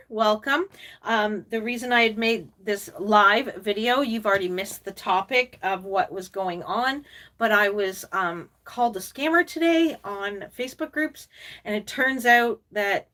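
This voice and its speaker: On a distant mic, an older reborn doll artist and collector hosts a casual live stream in a highish voice, speaking a little slowly. She chats and reads viewer comments, rambling with many fillers and laughs, occasionally lapsing into soft cooing baby talk.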